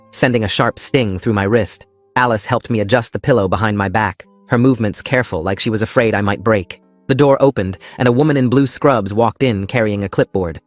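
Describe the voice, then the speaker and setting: A man narrating a first-person story in a calm, steady scripted style. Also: lowish voice, dry recording.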